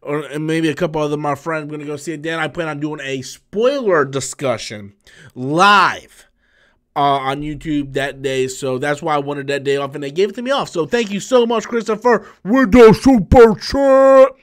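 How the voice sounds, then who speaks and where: Worn out from a long shift at work, a thirty-something man hosting a YouTube live stream replies to viewer messages at a normal speed in a slightly high voice. He's excitable and rambling, frequently starting over mid-thought.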